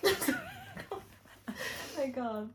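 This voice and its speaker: A woman's voice: extremely high pitch, wildly swooping pitch, extremely slow, far from the mic. Giggly, teasing British woman co-host. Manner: giggly, teasing, reading messages aloud with commentary. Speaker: comedy podcast co-host. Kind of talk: casual chat.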